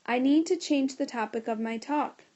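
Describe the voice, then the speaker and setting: A woman voicing an earnest, urgent schoolboy in a storybook reading, sometimes yelling insistently. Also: high voice, moderate pace, muffled recording, close to an everyday voice. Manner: loud insistent yelling at times.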